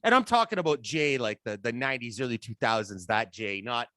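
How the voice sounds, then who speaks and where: A man hosting a podcast, chatting casually, excitable and profane, often restarting his sentences. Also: mid-range voice, fairly quick, no room sound, studio quality. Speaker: podcast host.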